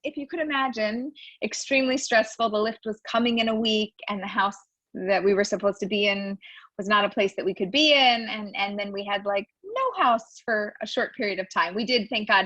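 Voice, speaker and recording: A woman in her forties chatting in an interview, telling animated stories and acting out quotes. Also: mid-range voice, fairly quick, dry recording. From United States. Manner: animated storyteller, acts out quotes. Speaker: guest, new immigrant. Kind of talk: casual interview chat. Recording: dull dry lo-fi sound.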